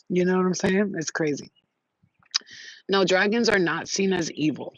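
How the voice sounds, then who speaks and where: Slangy, animated woman on a dull recording. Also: lowish voice, moderate pace, no room sound. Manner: animated, slangy, swears, laughs often, many "you know what I'm saying". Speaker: spiritual channel host. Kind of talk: casual livestream chat.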